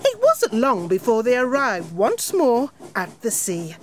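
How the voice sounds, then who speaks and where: A woman reading a rhyme and a story aloud for young children, in an expressive, sing-song manner. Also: a little high, measured pace, noisy background.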